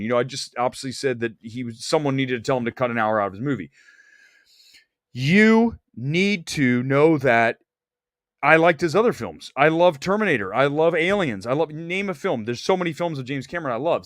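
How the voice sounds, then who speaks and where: A man hosting a movie talk show, giving blunt, animated opinions with bursts of laughter. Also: medium pitch, dry recording, clean studio sound. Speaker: podcast host and film critic. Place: Los Angeles studio.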